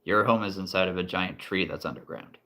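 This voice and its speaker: A man running a tabletop role-play game as game master, playful and quick to chuckle as he addresses his players. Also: low-pitched, pushed and bright.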